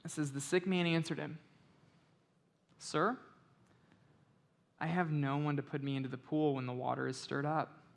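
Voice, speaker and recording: A man preaching a sermon as pastor, moving from slow, quiet scripture reading to conversational explanation and loud, emphatic stretches. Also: on the high side, steady tone, vocal fry. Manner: reads scripture slowly and quietly.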